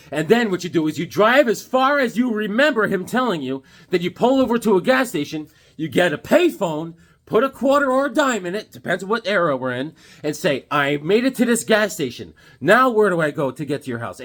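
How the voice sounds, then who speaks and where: Middle-aged man, casual rambling vlogger, lively swooping delivery. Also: high voice. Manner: rambling and enthusiastic, many fillers. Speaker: comic book vlogger. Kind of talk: casual chat.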